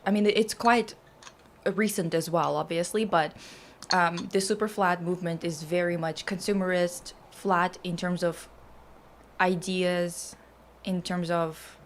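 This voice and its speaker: A woman's voice: on the low side, slight background noise. A woman co-hosting a casual chat about art, thinking aloud with many fillers and hedges. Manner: laughs easily, enthusiastic asides. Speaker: co-host.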